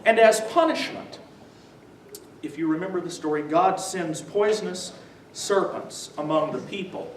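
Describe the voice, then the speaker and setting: A man's voice: sits high, measured pace. A man giving a church adult-education lecture, quizzing his live audience with "what?" prompts and chuckling through his stories. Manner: chuckles while telling stories. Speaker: visiting lecturer on the New Testament. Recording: echoey room from far off, faint noise.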